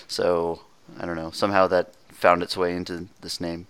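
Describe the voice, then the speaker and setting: A man chatting casually about video games, relaxed and quick to laugh. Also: deep voice, smooth, no echo.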